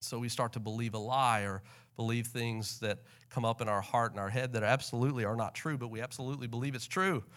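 A man preaching a sermon to a church congregation, animated, swinging between soft and loud passages. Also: medium pitch, fast talker. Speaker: pastor. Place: church sanctuary.

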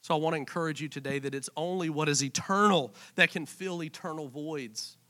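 A man in his thirties preaching a sermon in church, impassioned, dropping to a hush and then rising to emphatic lines. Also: fairly high pitch, brisk. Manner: impassioned, swinging from hushed to emphatic. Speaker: pastor.

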